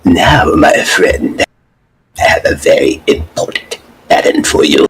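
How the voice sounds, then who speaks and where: A man voicing a scheming sinister old male emperor, hushed and breathy. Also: extremely low pitch, big pitch swings, unhurried, exaggerated voice.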